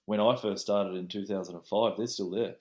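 Low-voiced guest watchmaker. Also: male voice, fairly even intonation, fairly quick, darkish tone. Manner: friendly, rambling, self-deprecating. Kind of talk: casual chat.

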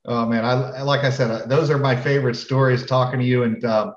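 A man's voice: medium pitch, steady tone, a little fast. A man hosting a podcast in a loose, conversational way, leading into segments with plenty of fillers. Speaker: podcast host. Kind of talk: casual podcast chat. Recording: dull, roomy remote audio.

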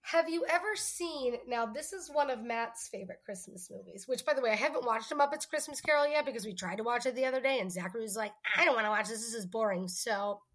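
A woman co-hosting a podcast in casual chat, talking fast and loosely, often slipping into quoted movie lines. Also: a little high. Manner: chatty, quotes movie lines in put-on voices. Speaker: podcast co-host.

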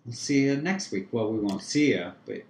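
Teasing male co-host, lively voice, roomy echo. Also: medium pitch, brisk, a crowd in the background. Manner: laughs often, teasing. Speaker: podcast co-host. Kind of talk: casual chat.

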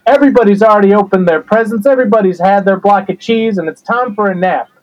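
A man's voice: high voice, quick pace, highs cut off, lightly acted. A man playing a rambling, resentful black-sheep brother in an improvised comedy interview. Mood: aggrieved. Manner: rambling, grudging, aggrieved.

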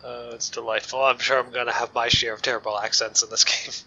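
A man's voice: mid-range voice, little pitch movement, fast talker, sharp tone. A man running a tabletop role-playing game in a plain, matter-of-fact way. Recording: dull lo-fi mic with faint noise.

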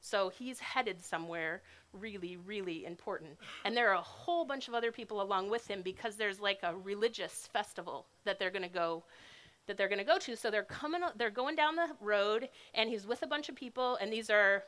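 Bright, casual woman giving a sermon. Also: mid-range voice, a little fast. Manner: casual, conversational, relatable. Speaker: speaker.

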